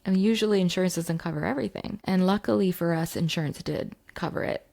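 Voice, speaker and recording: A woman's voice: on the low side, quick pace, gravelly, dark tone. A woman, a mindset coach, telling a story to camera in a chatty way with many fillers. She is recording in her home basement.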